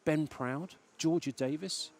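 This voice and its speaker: A man's voice: fairly high pitch, takes it slowly, vocal fry. A man doing enthusiastic, exclamatory swimming commentary. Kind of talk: sports commentary.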